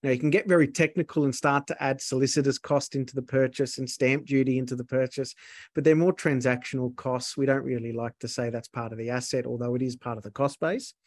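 A man's voice: mid-range voice, steady tone, a little fast, a little mellow, dry recording, studio quality. A man, a guest accountant who explains figures step by step with worked examples. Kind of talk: explanatory interview talk.

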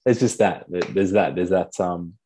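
A man's voice: deep voice, moderate pace, mellow, slight background noise. A young man speaking candidly as a podcast guest, blunt, swearing casually and calling people mate. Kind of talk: candid conversational storytelling.

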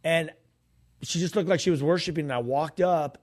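A man's voice: fairly high pitch, moderate pace. A man co-hosting a faith podcast, telling a story in a casual chat and acting out the quoted dialogue. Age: adult, grown pastor's kid. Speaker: podcast co-host and minister.

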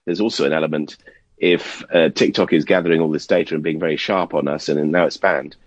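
A man with a very low, husky voice comments on current events in a chatty, wry way. The sound is dry and a little dull, like a remote line into the studio. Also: fairly even intonation, a little fast, dry recording. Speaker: regular commentator. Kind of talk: casual commentary.

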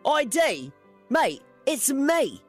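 Aussie radio guy doing a cocky young pop star, brash and high, shouting insults. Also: wildly swooping pitch, drawn-out words, faint music behind, heavily acted. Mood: indignant. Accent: Australian. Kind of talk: radio comedy fan fiction reading.

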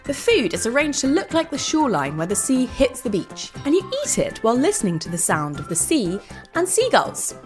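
Woman host, children's podcast narration, lively swooping delivery, soft music behind. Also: fairly high pitch, fairly quick. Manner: bright, enthusiastic storyteller addressing children.

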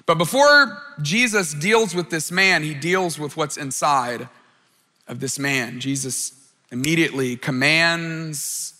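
A man preaching a sermon, earnest and direct, who stumbles and repeats his words when he restarts a thought. His voice sits high and sounds bright and forceful. It carries a long reverb from a large hall. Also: slow. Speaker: pastor.

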